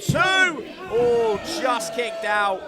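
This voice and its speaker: A man calling a wrestling match live, excitable and joking, often shouting over the action. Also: very high-pitched, measured pace, over loud music. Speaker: wrestling commentator. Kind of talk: live play-by-play commentary. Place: indoor wrestling venue. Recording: loud live crowd and arena noise.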